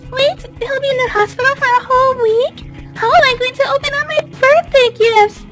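A very high, bubbly young woman doll chatters about her gifts and squeals with delight, voiced by a woman. She is bossy and self-absorbed, and faint music plays behind her. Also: fairly even intonation, moderate pace, fairly bright tone.

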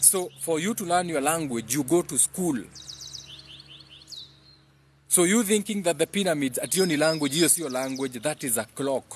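A man's voice: a little high, normal speed, pauses often, slight background noise. A man hosting a live stream, preaching in a rambling monologue that hops between English and Swahili and reads out viewer comments. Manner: repeats phrases in chant-like bursts.

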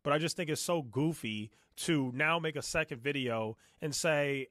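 A man's voice: a little high, normal speed, a bit bright, no room sound. A man talking straight into the mic with a dry, close sound and no room around him. He gives blunt opinions and parrots others' words with scorn. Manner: blunt, mocking, quotes others in a sneering tone. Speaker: streamer. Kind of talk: casual reaction commentary.

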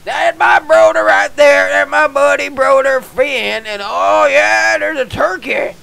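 Brief: male gamer, goofy hick persona, bright, sharp tone, creaky and gravelly, prone to excited shouting. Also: very high voice, unhurried, poor audio. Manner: goofy dim-witted yokel persona with folksy slang. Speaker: gamer vlogger. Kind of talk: comedic gameplay commentary.

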